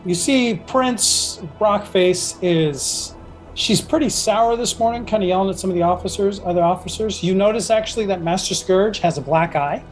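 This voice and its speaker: A man with a high-pitched voice narrates a tabletop pirate game as game master, rambling loosely and circling back on his words. Faint music plays underneath. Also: normal speed, rough recording. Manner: rambling, full of fillers and restarts.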